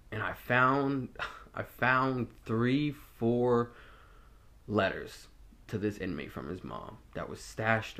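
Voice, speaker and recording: A young man with a voice on the low side and a fairly bright tone tells his own story in a personal monologue. A former corrections officer, he speaks candidly and reflectively, often restarting his sentences.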